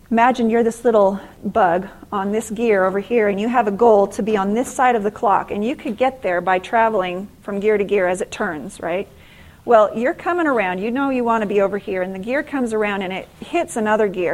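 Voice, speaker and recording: A middle-aged woman giving a faith-based motivational class at a conference, telling stories with lively acted-out exclamations. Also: medium pitch, poor audio. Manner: animated storytelling, acting out exclamations. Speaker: conference speaker and author.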